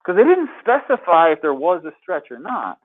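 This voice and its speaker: A man's voice: high voice, big pitch swings, normal speed. A man teaching a math class in a classroom, upbeat and quizzing his students as he works problems. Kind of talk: classroom lecture. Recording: tinny phone-like lecture capture.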